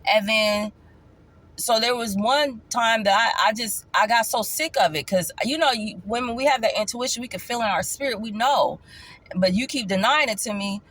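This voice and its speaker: A woman's voice: a little high, normal speed. Emphatic woman telling her life story. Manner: animated, voice jumps up for emphasis. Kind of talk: casual storytime.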